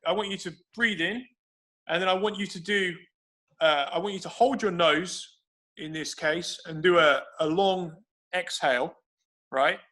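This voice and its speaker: A man's voice: high voice, a little slow, bright, forceful tone. A man explaining breathing techniques for grappling over a video call, thinking aloud with frequent restarts. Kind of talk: explanatory conversation.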